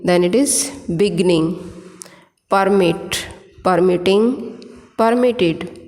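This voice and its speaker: A woman teacher with an Indian English accent, giving a slow spelling lesson and spelling words out letter by letter. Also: mid-range voice, a little mellow. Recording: echoey room with long reverb.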